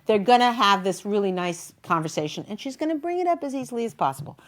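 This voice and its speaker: A woman's voice: mid-range voice, animated, quick pace. A woman talk show host retelling a story in a chatty, emotional way, with many fillers. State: near tears.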